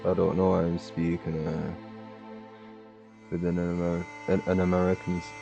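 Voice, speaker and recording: A man's voice: low-pitched, monotone, moderate pace, gravelly. A man commentating on his game livestream, laid-back with laughing reactions. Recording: game music behind.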